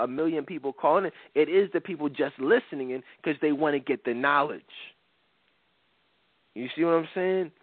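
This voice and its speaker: A man's voice: medium pitch, no room sound. A man hosting a talk radio show, talking in an earnest, emphatic way and repeating words as he builds his point. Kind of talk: casual talk radio chat. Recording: tinny phone-like dry sound.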